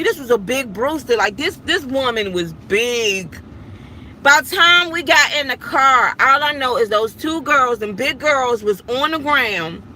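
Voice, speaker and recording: A woman in her thirties candidly telling a personal story to her viewers, animated and vivid, acting out what people said. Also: high-pitched, slight background noise, low-quality recording. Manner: animated, vivid retelling with acted-out quotes.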